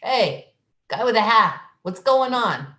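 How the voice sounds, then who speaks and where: A woman doing a pushy, wisecracking stoop-sitter who heckles everyone walking by, with lively swings in her higher voice. She speaks slowly, and the room behind her sounds echoey. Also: exaggerated voice. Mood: sardonic. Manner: pushy, sardonic street heckling. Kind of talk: improvised comedy reading. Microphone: video call.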